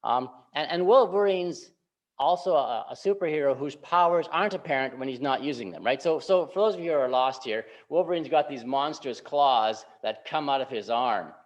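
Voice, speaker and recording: A man giving a sermon as a pastor, speaking informally and often checking in with a quick "right?". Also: medium pitch. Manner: informal, keeps asking "right?" to check in with listeners. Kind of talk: conversational sermon. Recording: dull lo-fi recording.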